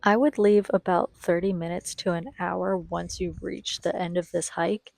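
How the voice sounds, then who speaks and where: A woman's voice: fairly low pitch, steady tone, moderate pace, gravelly, a little mellow, dry recording. A young woman giving a chatty, enthusiastic voice-over for a travel vlog and talking straight to her viewers. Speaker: travel vlogger.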